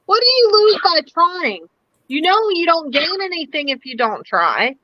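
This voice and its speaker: A woman's voice: very high-pitched, big pitch swings, a little slow, dry recording, highs cut off. A woman giving a casual psychic reading on a live stream, hesitant, with fillers and small laughs. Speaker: psychic reader.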